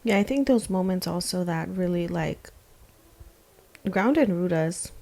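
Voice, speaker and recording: Woman, 30s, podcast co-host, reflective and gentle delivery, some vocal fry. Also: fairly low pitch, lively intonation, measured pace. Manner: reflective, soft-spoken, laughs often. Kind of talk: casual faith chat.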